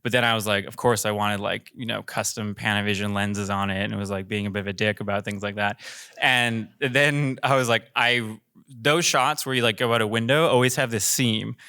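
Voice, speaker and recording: A man's voice: on the low side, fairly even intonation, a little fast, bright, forceful tone, clear, resonant tone, dry recording, clean studio sound. A man directing commercials, telling a rambling, filler-heavy story on a panel in a theater. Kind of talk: casual panel talk.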